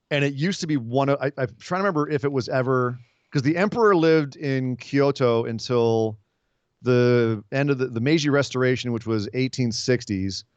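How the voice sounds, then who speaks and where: A man co-hosting a casual wrestling podcast, talking in long, animated, rambling explanations full of asides. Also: medium pitch, smooth, no room sound, lo-fi sound. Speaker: podcast co-host.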